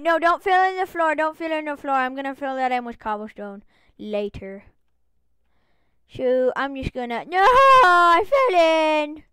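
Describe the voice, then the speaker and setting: Bubbly high-voiced woman narrating gameplay. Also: clean tone, no echo. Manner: bubbly, chatty, exclamatory, self-mocking. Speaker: gaming channel host. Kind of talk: casual let's-play commentary.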